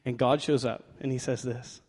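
A male pastor preaching a sermon in a conversational way, swinging from loud emphatic bursts to quiet asides and joking with himself. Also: mid-range voice, little pitch movement, normal speed, breathy edge. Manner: conversational with fillers like "like" and playful self-talk. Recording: long reverb of a large hall.

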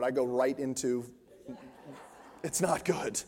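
A man's voice: mid-range voice, a little slow, pauses often, darkish tone. A young man preaching a sermon on stage, telling personal stories and building to fervent, emphatic preaching. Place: large church hall on stage. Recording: long hall reverb.

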